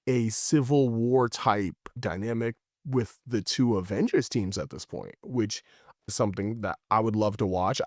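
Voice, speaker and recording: A man's voice: medium pitch, dry recording, studio quality. Playful man hosting a review chat. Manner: playful, teasing, deadpan build-ups. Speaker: podcast host.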